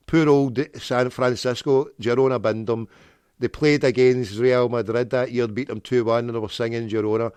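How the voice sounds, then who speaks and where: A man's voice: medium pitch, steady tone, moderate pace, darkish tone, clean tone, no room sound, clean studio sound. A man hosting a prank call show, rambling off on tangents with jokey wordplay. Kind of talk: rambling solo talk with prank calls.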